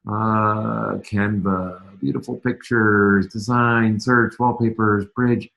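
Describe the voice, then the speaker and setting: A man with a lowish voice teaches a casual screen-share lesson, chatting loosely and breaking off his own sentences. His voice sits in a roomy, echoey space. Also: steady tone, slow pace, creaky, a bit bright. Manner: chatty, self-interrupting, many fillers. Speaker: marketing instructor.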